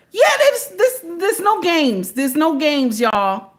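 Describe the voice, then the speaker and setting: A high-pitched woman, talking in a sassy, animated way on a casual commentary show. She slips into other people's voices as she tells a story and keeps the conversation lively. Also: slow. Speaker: co-host.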